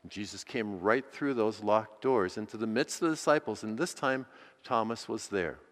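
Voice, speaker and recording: A man preaching a sermon as a priest. He speaks earnestly and slows down to stress key phrases. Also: on the low side, a bit bright. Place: church. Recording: long reverb of a church hall.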